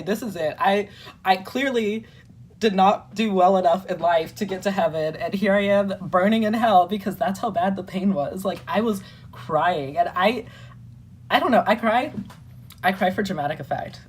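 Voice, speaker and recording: A young woman chatting casually as a guest, telling a story in an animated, dramatic way, full of "like" and fillers. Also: medium pitch, normal speed, a little hiss or hum. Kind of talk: casual chat.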